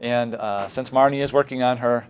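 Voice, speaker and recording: Middle-aged male lecturer, mid-pitched voice, relaxed and explanatory, filler-heavy teacher-training talk. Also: normal speed, clear, resonant tone.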